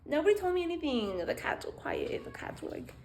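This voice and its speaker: A young woman chatting casually at home in an unboxing vlog, excitable and chatty, swearing freely and dropping to near-whispers. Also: very high voice, fairly quick. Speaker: vlogger.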